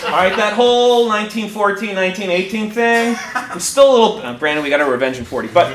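A man telling a funny story live on stage, animated, breaking into laughter and restarting sentences. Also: sits high, quick pace, loud music behind the voice. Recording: echoey room with background noise.

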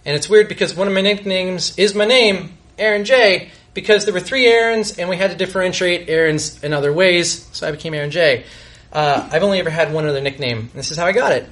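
A young man telling a self-mocking comic story on a live stage, halting and restarting as he goes. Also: a little high, a bit bright. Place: live show before an audience.

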